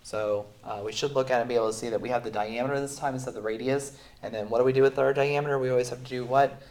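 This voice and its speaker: A man who is sick, teaching a recorded math lesson in a relaxed way with many fillers, going through the steps slowly. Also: mid-range voice. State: sick, voice sounds off. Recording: roomy echo.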